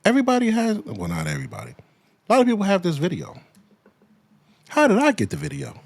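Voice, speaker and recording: A man's voice: high voice, wildly swooping pitch, fast, creaky. A man giving a profane, ranting commentary, hammering at the same point with repeated pointed questions. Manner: profane, heated, repeats himself.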